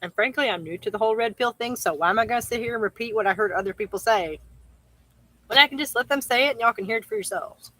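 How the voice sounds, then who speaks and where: Bright-voiced woman in casual chat. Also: on the high side, fast, no echo, poor audio. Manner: chatty, laughs often, loose filler phrases.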